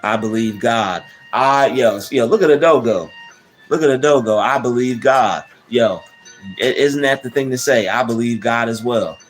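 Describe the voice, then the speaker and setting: A man chatting loosely on a livestream, his voice sitting at an ordinary middle pitch. He restarts sentences often and sprinkles in slang fillers. Soft music plays quietly behind him. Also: normal speed. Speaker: livestream host. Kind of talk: casual livestream chat. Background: soft background music.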